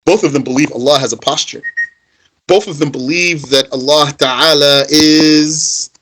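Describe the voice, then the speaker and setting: A man's voice: a little high, a little slow, a bit bright, slight background noise, low-quality recording. A man teaching a religious text, reading Arabic passages aloud and then explaining them in conversational, emphatic English. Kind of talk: reading and translating a text line by line.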